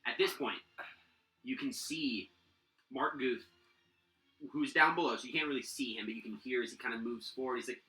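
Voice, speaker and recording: A man's voice: medium pitch, normal speed, long pauses, sharp tone, roomy sound, poor audio. A man narrating a tabletop game as game master, rambling with many fillers and restarts.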